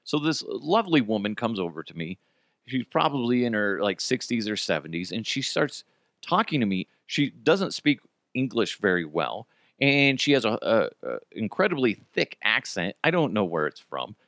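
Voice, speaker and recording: A man's voice: fairly low pitch, very animated, moderate pace, a bit bright, no room sound, studio quality. A man in his thirties hosting a podcast, telling a story in a rambling, self-deprecating way and swearing freely. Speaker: podcast host. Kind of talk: casual storytelling monologue.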